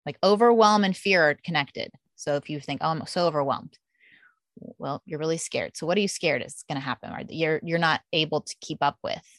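A middle-aged woman with a slightly low voice tells lively stories in a relaxed interview. She slips into quoting her own past thoughts. The sound is dry and close to the mic. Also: fairly quick, few pauses, no echo. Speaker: podcast host appearing as guest. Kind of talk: candid conversational interview.

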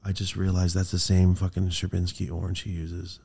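A man hosting a podcast, telling a rambling, profane story in casual chat and getting animated as it builds. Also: sits low, fairly quick, gravelly, slightly rough. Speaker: podcast host.

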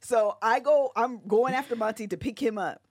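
A woman co-hosting a podcast, telling a story in a casual, animated way and laughing often as she acts out what people said. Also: fairly high pitch, normal speed, breathy edge, dry recording, studio quality. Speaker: podcast co-host.

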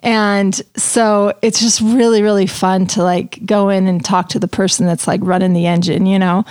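A woman's voice: medium pitch, little pitch movement, moderate pace, darkish tone, clean tone, dry recording, studio quality. A woman hosting a podcast, chatting casually and telling stories in a bubbly way. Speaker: podcast host. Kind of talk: casual chat.

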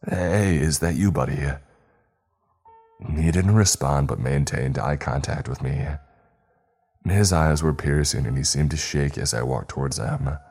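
A man reading a horror story aloud in a measured, steady narration. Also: rumbling low, slightly rough.

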